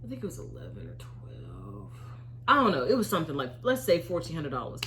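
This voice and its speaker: A woman in her thirties, an Army veteran, telling a storytime vlog in an animated, expressive way and acting out her own reactions. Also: low voice, fairly quick, slight background noise.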